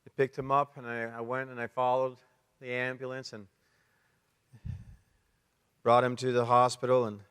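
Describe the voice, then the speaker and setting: Middle-aged Canadian man, smooth resonant voice, heartfelt testimony, long reverb of a conference hall. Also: medium pitch, flat delivery, a bit bright. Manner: emotional storytelling, pauses and restarts. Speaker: conference speaker. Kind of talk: personal testimony talk.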